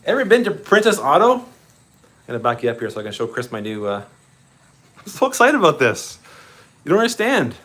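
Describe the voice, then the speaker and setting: A man hosting a model railway livestream, chatty and excitable, greeting viewers by name and laughing often. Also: on the high side, brisk, pauses often. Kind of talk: casual live-stream chat with viewers.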